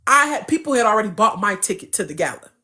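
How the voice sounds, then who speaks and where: A young adult woman as an interview guest, telling a story in a casual, animated, profane and emphatic way. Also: medium pitch, fast talker.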